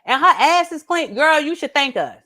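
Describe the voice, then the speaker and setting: A woman performs stand-up on a club stage, her voice high and swooping widely as she tells her jokes. She is brash and profane and keeps breaking into laughter at her own lines. The sound comes through a handheld stage mic. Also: expressive, moderate pace, a loud crowd. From Atlanta, Georgia. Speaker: stand-up comedian. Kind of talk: stand-up comedy set.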